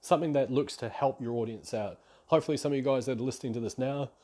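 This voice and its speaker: A man's voice: mid-range voice, fast, warm tone. A man hosting a podcast, telling a rambling, self-reflective story in a casual solo monologue. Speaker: podcast host.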